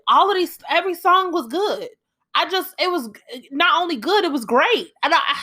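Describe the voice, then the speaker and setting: A woman's voice: mid-range voice, a bit bright. A young woman hosting a solo podcast, ranting emphatically with lots of swearing and heated outbursts. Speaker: podcast host.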